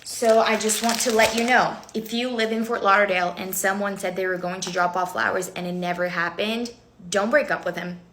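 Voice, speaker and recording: A woman telling a personal story to camera in a lively way, acting out both sides of a phone call. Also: mid-range voice, fairly quick, few pauses. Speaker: social media creator.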